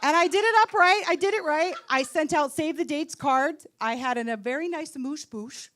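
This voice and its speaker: Woman in her late 30s, stand-up comic, high bright-toned voice, wry sarcastic punchlines, live stage mic. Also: normal speed. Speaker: stand-up comedian. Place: comedy festival stage.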